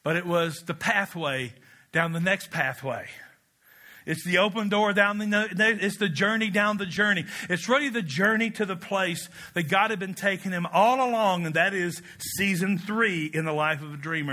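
A man preaching a storytelling sermon in an animated, joking way, swinging up to excited shouts. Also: high voice, moderate pace.

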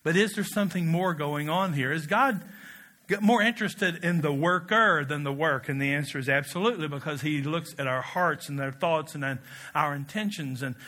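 A man delivers a storytelling sermon in a high, bright voice. He keeps it animated and playful, surging into loud, excited peaks before settling back down. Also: moderate pace. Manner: animated, jokey, rising to excited shouts. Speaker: preacher.

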